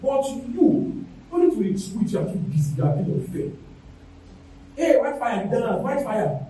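A man preaching in a church hall, pleading and repeating his points with lively swings in pitch. His voice sits high but sounds dark and mellow. It is caught from far off in a very echoey room. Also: moderate pace, a little hiss or hum. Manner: emphatic, repetitive pleading. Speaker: pastor. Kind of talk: sermon.

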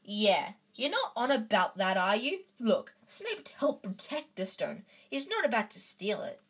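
A woman reading the lines of a big, gruff, kindly male groundskeeper, hesitant and rambling, with a husky voice. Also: on the high side, very animated, a little slow, heavily acted.

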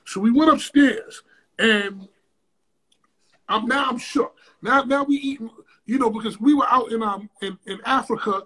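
A man with a strikingly high, raspy voice recounts a story as an interview guest. He swears freely and tells it in an animated, casual way, often jumping into loud outbursts. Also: unhurried. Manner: profane, animated storyteller with sudden loud bursts.

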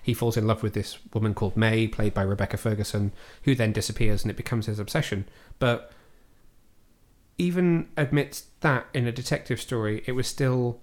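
A man's voice: on the low side, moderate pace. A man hosting a casual film review podcast from home, thoughtful and a little hesitant as he weighs his opinions. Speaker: podcast host. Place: at home, cat on the desk.

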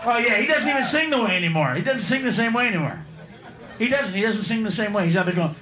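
A man's voice: high-pitched, big pitch swings, fairly quick, heavy background noise. A man performing a profane, mocking stand-up comedy routine, laughing mid-line, at a live comedy venue. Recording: echoey live room with loud crowd.

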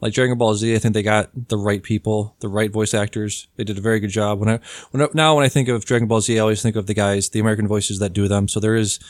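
A man with a fairly low voice hosts a relaxed podcast chat. He steers the talk with quick questions, recorded dry and close with no room sound. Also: dry recording. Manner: leads questions, quick lightning-round prompts. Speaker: podcast host. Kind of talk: casual chat.

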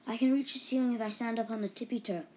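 A woman reading aloud, voicing a young hyena girl who gives quick, commanding instructions. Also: fairly high pitch, steady tone, a little mellow, voice pushed up, close to an everyday voice. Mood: bossy.

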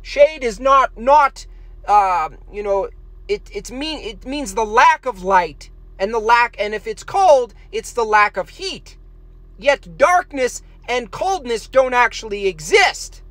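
Man, high voice, dry close sound, rambling deadpan artist streaming while he draws. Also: takes it slowly, no echo. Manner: rambling, deadpan jokes, trailing fillers. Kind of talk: casual rambling stream chat.

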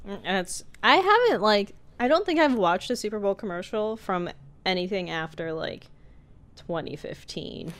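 A woman's voice: medium pitch, animated, normal speed, a bit bright, slight background noise. A young woman co-hosting a casual podcast chat, asking questions and laughing often. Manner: questioning, giggly, conversational.

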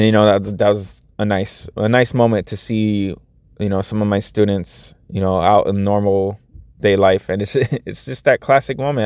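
A man's voice: on the low side, darkish tone, clean tone, no room sound, studio quality. A man in his thirties talking casually to his viewers as a vlogger, earnest and rambling, with many restarts. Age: 30s. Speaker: vlogger and after-school teacher. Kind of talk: casual vlog talk to viewers.

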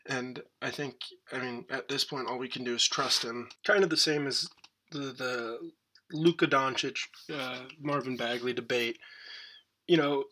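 A man's voice: medium pitch, measured pace, sharp tone, a little hiss or hum. A man co-hosting a sports podcast, talking in a loose, rambling way full of fillers. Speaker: podcast co-host. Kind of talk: casual sports podcast chat.

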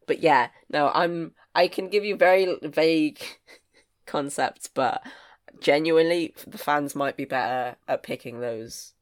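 A man who co-hosts and writes a podcast, chatting casually and speaking haltingly with many ums. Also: a little high, smooth.

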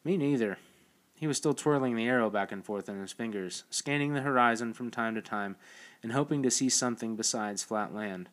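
A man reading a novel aloud as audiobook narration, with a steady, even delivery. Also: medium pitch, fairly quick.

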